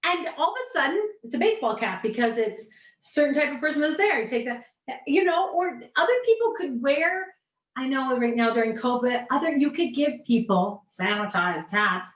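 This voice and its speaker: A woman coaching on pitching during a video call workshop, animated and gushing, often restarting her sentences. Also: moderate pace. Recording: dull, roomy, distant video call audio.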